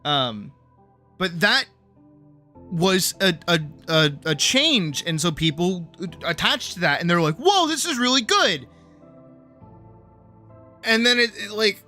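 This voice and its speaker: A streamer and animator ranting casually on a livestream, swearing a lot and swinging between low mutters and shouted outbursts.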